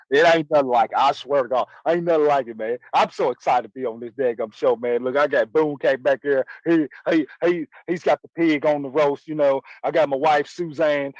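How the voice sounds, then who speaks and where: Man putting on a rowdy backwoods moonshiner, drawl, brash and rambling, high voice, dull dry lo-fi sound. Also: no echo, lightly acted. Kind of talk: comedy sketch character.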